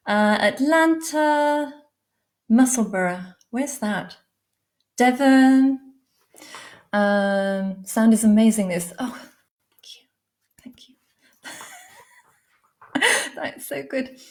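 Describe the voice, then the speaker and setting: Slow-talking, effusive English woman live-streaming. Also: fairly high pitch. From England. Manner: warm, effusive, calls viewers darling and lovely; many fillers, unhurried. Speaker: livestream host, animal communicator. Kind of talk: live-stream greeting viewers. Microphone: laptop mic on a live stream.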